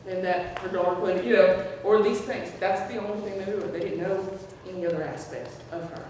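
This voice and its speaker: A woman's voice: medium pitch, a little fast, a little mellow, a little hiss or hum. A woman speaking at a memorial tribute, telling personal stories to a gathering, acting out the voices she quotes and laughing often. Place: large hall at a community gathering. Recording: echoey hall from far off.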